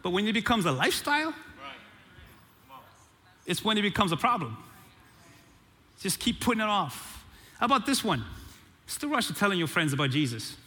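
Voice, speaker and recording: High, bright-voiced preacher man in a hall. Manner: animated preaching with call-and-response. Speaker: pastor. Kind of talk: sermon.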